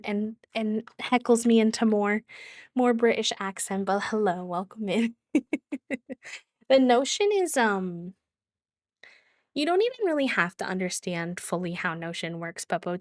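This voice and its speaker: Woman, streamer, casual warm chat, middling pitch, dry close sound. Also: no room sound. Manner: chatty and warm toward viewers, with frequent fillers and laughs.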